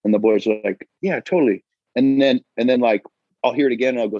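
A man's voice: mid-range voice, fast, dark tone, no echo, muffled recording. A man talking as a podcast guest in casual chat, a firefighter and dad who acts out quoted voices and says dude and bro.

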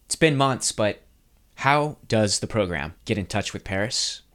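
Low-voiced man narrating as game master. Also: a little slow. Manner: lively, easygoing.

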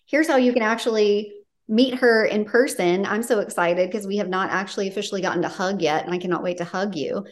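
A woman's voice: mid-range voice, fairly quick. A woman hosting a podcast interview, gushing with heartfelt praise for her guest and getting emotional. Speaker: podcast host and author. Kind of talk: casual interview chat.

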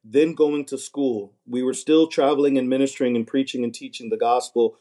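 Man, earnest, mellow voice, repeats words, casual chat. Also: medium pitch, fairly even intonation, a little fast. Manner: earnest, repeats words when starting a thought. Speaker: podcast guest, married minister.

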